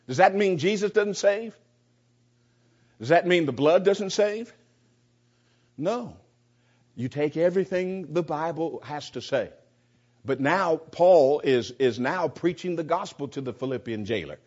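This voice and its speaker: A man's voice: on the high side, animated, takes it slowly, darkish tone, husky. Man teaching a Bible class, lo-fi. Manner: earnest, repeats and restarts words often. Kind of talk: unscripted Bible class lesson. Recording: dull lo-fi class recording.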